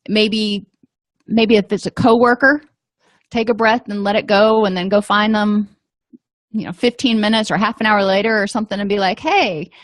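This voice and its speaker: A middle-aged woman calmly explaining anger management tips in a casual talk, with frequent pauses and fillers. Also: on the high side, no room sound, clean studio sound. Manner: calm, explanatory, with frequent ums and you-knows. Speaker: vlogger giving advice.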